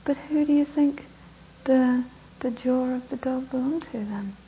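A woman voicing a calm, wise Buddha who gently questions. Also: sits high, unhurried. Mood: gentle. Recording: dull lo-fi recording with faint hiss.

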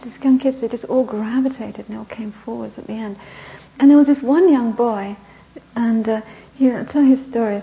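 A woman Buddhist teacher telling a story in a Dharma talk, animated and sometimes dropping to soft whispers for emphasis. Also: fairly high pitch, lo-fi sound.

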